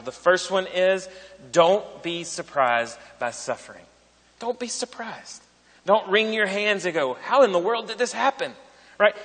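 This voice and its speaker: A man's voice: sits high, bright, forceful tone, big-room sound. A man in his thirties, a pastor preaching a sermon in a conversational way, repeating phrases and often asking "right?".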